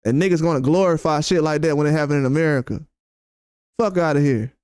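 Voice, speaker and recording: A man's voice: a little high, fast talker, darkish tone, clear, resonant tone, no echo, studio quality. A man hosting a boxing channel, ranting on a live stream in a blunt, profane and repetitive way. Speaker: boxing YouTuber host. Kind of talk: heated live-stream rant.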